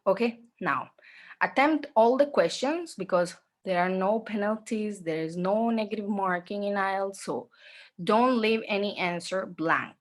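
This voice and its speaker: A woman teaching an online exam-prep class, speaking slowly, repeating herself and often checking in with "okay?". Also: medium pitch. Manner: slow, repetitive, checks in with "okay?".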